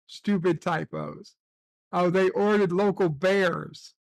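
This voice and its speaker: Man, high gravelly voice, slow sarcastic profane livestream chatter, dry sound. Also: steady tone, no echo. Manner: crude, sarcastic, profane rants. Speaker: livestream host. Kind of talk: casual livestream chat.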